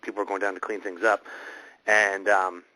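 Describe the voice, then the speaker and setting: Low-voiced, bright-toned male show host. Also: little pitch movement, low-quality recording. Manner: halting, rambling, with many restarts. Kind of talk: casual online radio chat.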